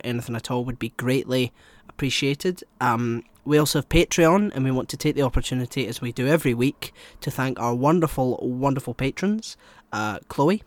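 A man's voice: mid-range voice, no room sound. Rambling male podcast co-host. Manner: rambling, swings between mumbled asides and loud exclamations. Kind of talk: casual podcast chat.

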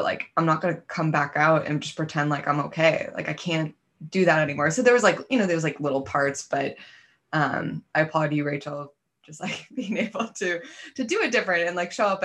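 Woman, deep voice, reflective, affirming, casual chat. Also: fairly bright tone.

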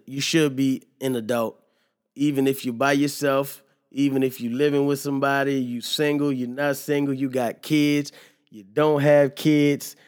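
A young man hosting a casual solo podcast, loose and joking, sometimes getting loud and animated. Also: mid-range voice, clear, resonant tone. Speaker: podcast host.

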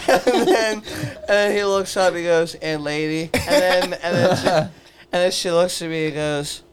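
A man's voice: high-pitched, fairly even intonation, measured pace, background noise. A young man telling a rowdy story in casual chat, swearing and laughing and acting out the people he quotes. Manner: profane, laughing, acts out quoted voices.

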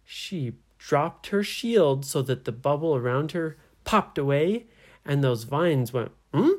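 A storyteller telling an improvised bedtime adventure, slowly and with gentle suspense. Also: medium pitch. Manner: slow, animated, gently suspenseful.

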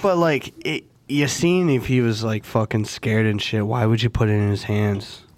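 A man's voice: fairly low pitch, moderate pace, a little mellow. A man co-hosting a casual sports podcast, easygoing and agreeable. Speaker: podcast co-host.

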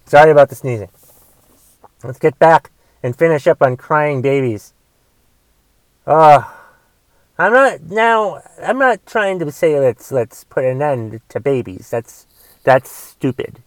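Man, high voice, smooth and clear, dry close sound, exasperated profane ranting. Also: animated, slow pace, pauses often, no room sound. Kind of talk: solo rant monologue.

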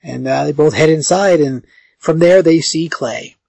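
A man's voice: on the high side, unhurried, gravelly, a little mellow, breathy edge, no echo. A man co-hosting a podcast, recapping a comic in a rambling, casual way with lots of fillers. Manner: rambling, filler-heavy storytelling. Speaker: podcast co-host.

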